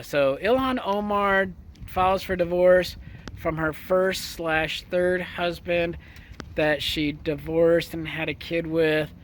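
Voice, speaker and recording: Guy ranting on his vlog, foul-mouthed and sarcastic, kinda high voice, outside by a horse. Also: a bit bright. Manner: crude, sarcastic, mocking. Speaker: vlogger. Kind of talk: casual political rant. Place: outdoors near a horse.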